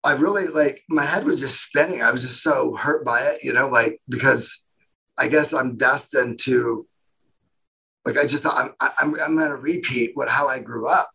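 A man, a guest in a casual interview, telling his story in a rambling, animated way and acting out what other people said. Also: mid-range voice, moderate pace, vocal fry, husky, low-quality recording. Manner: rambling, animated retelling with quoted voices.

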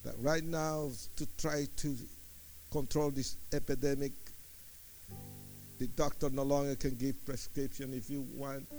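Gravelly impassioned preacher man. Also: medium pitch, level tone, measured pace, soft background music. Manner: impassioned, swinging from hushed to shouting. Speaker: preacher giving testimony. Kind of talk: sermon testimony.

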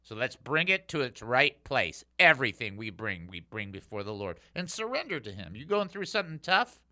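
A man hosting a Bible teaching show, speaking to listeners in an energetic, chatty way. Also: medium pitch, normal speed. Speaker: radio Bible teacher and host.

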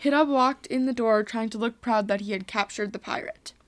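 A woman's voice: fairly high pitch, a little fast. A woman earnestly reading a homemade space adventure story aloud.

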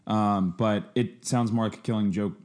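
Low-voiced hesitant male podcast co-host. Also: fairly even intonation, moderate pace, a little mellow. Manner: hesitant, agreeable. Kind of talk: casual chat.

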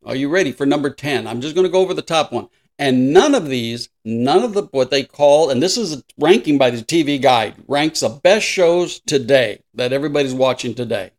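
A man's voice: mid-range voice, expressive, fairly quick, hardly any pauses. A man in his sixties co-hosting a casual podcast chat, laughing often and acting out little voices in his stories. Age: 60s. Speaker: podcast co-host.

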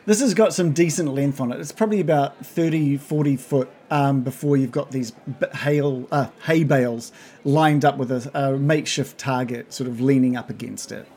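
A man's voice: mid-range voice, normal speed, darkish tone, breathy edge. A man narrating a tabletop role-playing game as game master, with frequent fillers and restarts. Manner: hesitant, many fillers and restarts.

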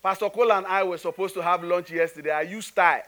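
A man with a notably high voice delivers a sermon. He talks to his congregation in an easy, joking way, then turns to pointed rhetorical questions. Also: quick pace, bright, forceful tone. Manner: conversational and humorous, rhetorical questions. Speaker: pastor.

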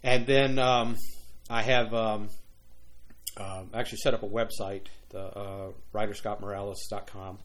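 During a relaxed interview as a guest author, an older Louisiana man with a Cajun accent wanders through his answers, restarting a lot and trying on playful voices. His voice is fairly low and fairly bright, delivered flatly and a little slowly.

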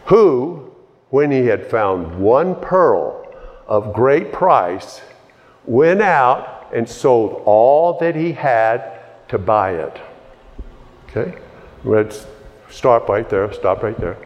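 A man preaching a sermon, conversational at first and building to emphatic high points. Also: very animated, drawn-out words, muffled recording. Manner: conversational, rising to emphatic peaks. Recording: long reverb of a large hall.

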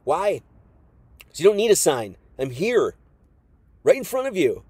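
A man gives a casual Bible teaching in an emphatic, conversational way. He breaks into asides and restarts often. His voice sits slightly high and sounds dry and close. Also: sing-song, measured pace, darkish tone, husky, no room sound. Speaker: preacher.

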